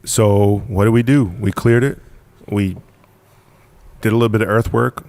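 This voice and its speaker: This man, a business founder appearing as a podcast guest, casually recounts how his company began. His lowish, darkish voice holds a steady tone at normal speed with no room sound, and he keeps repeating words emphatically and laughing a lot.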